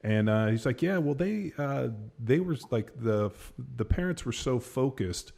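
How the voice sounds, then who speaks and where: A man's voice: mid-range voice, expressive, unhurried, creaky, dark tone. A man hosting a podcast, telling a story in a loose, rambling way, full of fillers and casual swearing. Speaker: podcast host. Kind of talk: casual chat.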